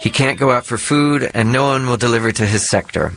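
A man giving scripted documentary narration in a measured, even delivery. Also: mid-range voice.

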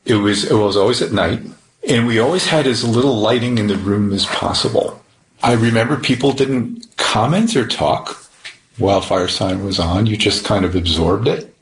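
A man's voice: fairly low pitch, normal speed, a little hiss or hum. A man reflecting on his memories in an interview, thoughtful and recalling. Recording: roomy echo.

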